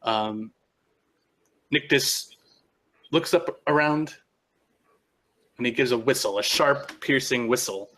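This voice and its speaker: Game master, man, mid-pitch, bright tone, loose casual narration. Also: slow, pauses often. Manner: loose, filler-heavy narration with restarts.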